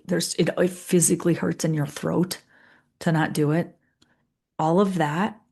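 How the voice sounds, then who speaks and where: A middle-aged leadership coach delivers a gentle, empathetic podcast monologue in a slightly low, creaky, husky voice. She builds her points through repeated phrases and lists.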